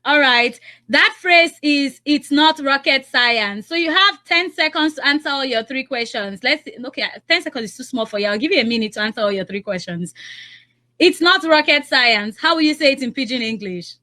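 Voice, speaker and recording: A young woman with a Nigerian accent runs a live call-in game on the radio, her voice high and bright with a sharp edge. She laughs often and teases callers. She slows right down for the phone numbers. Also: lively intonation. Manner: repeats phone numbers slowly and clearly.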